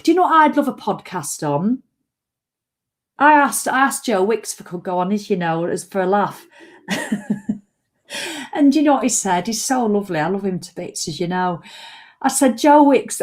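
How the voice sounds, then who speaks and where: A woman's voice: mid-range voice, animated, moderate pace, long pauses. A middle-aged woman, rambling and self-mocking in a fitness vlog. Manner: rambling, self-mocking, breaks into sung jingles. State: hiccups. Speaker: fitness vlogger. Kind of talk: chatty live video.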